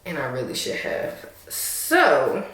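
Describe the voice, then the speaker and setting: A young woman telling a storytime to camera in an animated, sassy way, talking straight to her viewers. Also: a bass voice, takes it slowly. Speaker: vlogger. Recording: echoey room.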